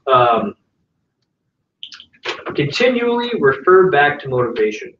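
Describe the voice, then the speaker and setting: A sales trainer with a medium-pitched, fairly bright voice speaks slowly but very animatedly in a casual training talk to a live audience in a meeting room. He's conversational, keeps asking "right?", and acts out client phone calls. The room recording is echoey, distant, and dull, with a little hiss or hum.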